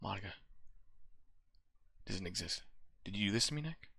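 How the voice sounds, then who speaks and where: A man's voice: lowish voice, animated, moderate pace, gravelly, slightly rough, no echo, heavily acted. Monika, a clingy schoolgirl, as a man reads her. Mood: pleading. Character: lovesick teenage girl, clingy club president. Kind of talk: reading game dialogue aloud. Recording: loud music behind.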